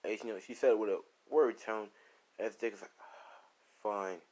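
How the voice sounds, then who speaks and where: A man's voice: fairly low pitch, fast, warm tone. A man improvising a casual fan story, rambling with lots of "you know" and "like".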